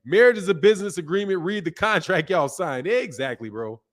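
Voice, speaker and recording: A man's voice: high voice, fairly quick. A man hosting a casual livestream, reading viewer comments aloud and answering them bluntly, swearing and laughing often. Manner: blunt, profane, laughs often, animated asides. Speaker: boxing channel host.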